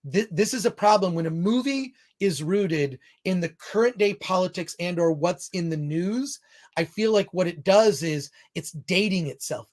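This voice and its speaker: A man hosting a film review show in casual chat, rambling off on tangents and restarting his sentences often. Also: high-pitched.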